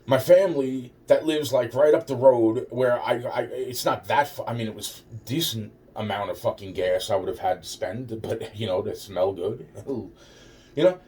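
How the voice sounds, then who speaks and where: A man's voice: mid-range voice, normal speed, a little mellow. A man telling a rambling personal story, swearing constantly and restarting his sentences. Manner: profane, rambling, full of restarts. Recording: voice distant from the mic.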